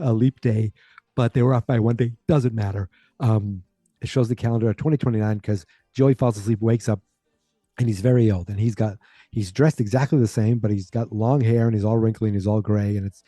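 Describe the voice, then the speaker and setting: Recapping a sitcom episode on his podcast, a man rambles casually in a mellow voice, switching to a higher pitch to quote the characters. There is no room sound in the recording.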